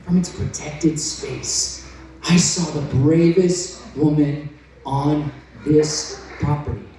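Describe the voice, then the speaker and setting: A man preaching an excitable storytelling sermon, intense and breaking into shouts. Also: fairly high pitch, takes it slowly, a little hiss or hum. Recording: very echoey, from far off.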